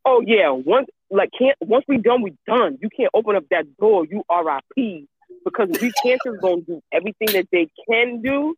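A woman's voice: medium pitch, animated, normal speed, slightly rough. A woman in casual chat who talks emphatically, repeats herself, and swears freely. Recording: tinny phone-like line.

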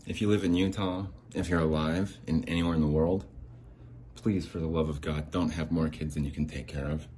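A man hosting a podcast, ranting in exasperation, swearing and swinging between low mutters and sharp outbursts. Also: steady tone, a little fast, a little hiss or hum. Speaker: podcast host. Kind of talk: angry ranting monologue. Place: home near a window.

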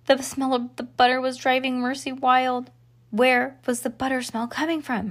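A woman reading a children's chapter book aloud, expressive and playful. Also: fairly high pitch. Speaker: storyteller.

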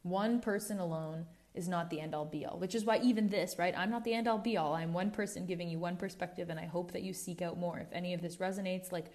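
A woman with a slightly low voice hosts a casual podcast monologue. She speaks candidly and animatedly, correcting herself mid-sentence and drifting into asides. At times she turns a little preachy as she presses her point. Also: fairly even intonation, quick pace, few pauses, a little mellow. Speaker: podcast host.

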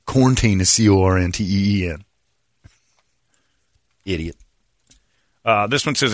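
A man co-hosting a podcast, bantering crudely, joking and mocking loudly with frequent laughter. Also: low-pitched, unhurried, long pauses, no room sound, studio quality. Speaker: podcast co-host.

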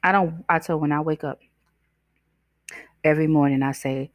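This podcast host speaks at normal speed with long pauses, her voice sitting low, as she gives motivational self-help talk, chatting with and questioning the listener. She acts out voices in her stories. The recording is dry with clean studio sound.

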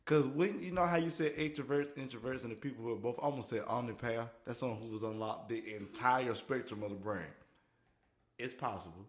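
A man's voice: medium pitch, brisk. Playful man hosting, echoey room. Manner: playful, animated, joking. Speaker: podcast host. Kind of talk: casual chat. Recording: echoey room with faint noise.

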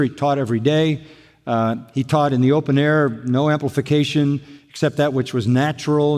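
A man's voice: medium pitch, darkish tone. An older man preaching a sermon as a pastor, emphatic and fond of repeating his phrases. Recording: long reverb of a large hall.

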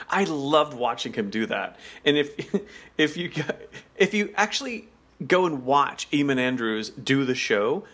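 A man's voice: mid-range voice, moderate pace, a bit bright. A man co-hosting a podcast in casual chat, talking loosely with lots of fillers and frequent laughs. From United States. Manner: chatty, laughs often, many fillers. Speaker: podcast co-host.

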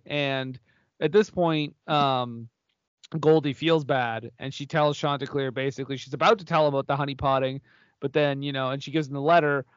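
A man's voice: a little high, clear, resonant tone, no echo, muffled recording. A man co-hosting a casual movie-review podcast, retelling scenes with laughs and repeats. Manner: laughing, animated retelling with repetitions. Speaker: podcast co-host.

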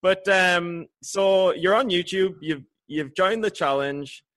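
A man hosting a casual interview, effusive, playful and quick to tease his guest. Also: sits high, fairly even intonation, a bit bright. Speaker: interview host.

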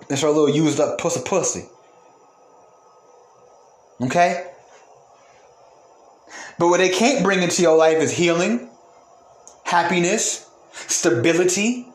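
A man with a high voice delivers a heated, profane monologue as a podcast host. He hammers his points by repeating phrases and sounds openly angry. The room around him has a noticeable echo.

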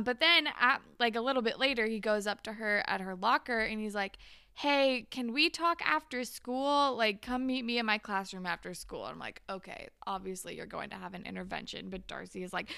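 A woman's voice: fairly high pitch, creaky, clean tone, no room sound, studio quality. A young woman co-hosting a podcast, recapping a TV episode in casual chat and acting out characters' lines with lots of laughs. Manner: animated, laughs often, acts out characters' lines. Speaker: podcast co-host.

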